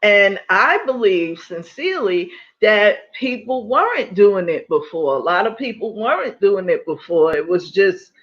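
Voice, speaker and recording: A middle-aged woman hosting a casual livestream, talking in an animated way, laughing often and repeating her points for emphasis. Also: mid-range voice, measured pace, hardly any pauses, muffled recording. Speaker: livestream host.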